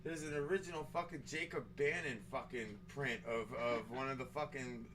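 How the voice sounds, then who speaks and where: A man hosting a casual bar-style talk show, swearing freely and getting loud and animated when telling stories. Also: medium pitch, normal speed, distant mic, slight background noise. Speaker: host.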